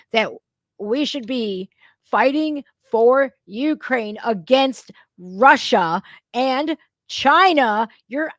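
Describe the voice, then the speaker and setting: A woman's voice: high voice, a bit bright, no room sound, studio quality. A woman hosting a reaction channel, ranting about politics in an angry, profane, emphatic way. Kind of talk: heated political rant.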